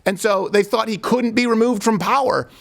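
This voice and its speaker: Gravelly joking male talk show host. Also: high voice, moderate pace, a bit bright. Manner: joking, rambling, laughs at his own stories. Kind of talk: comedic political talk show.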